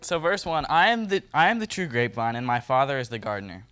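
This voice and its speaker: Smooth-voiced man leading a casual Bible study. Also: mid-range voice, fast talker. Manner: relaxed, joking, talks straight to the group. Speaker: youth Bible study leader. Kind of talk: casual Bible teaching talk.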